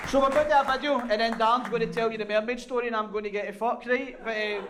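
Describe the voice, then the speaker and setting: High-voiced Glaswegian host, live crowd. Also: male voice, steady tone, fast talker. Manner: joking, sweary, chatty with audience. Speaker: podcast host. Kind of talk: live show hosting. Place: comedy venue. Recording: live room with loud crowd and noise.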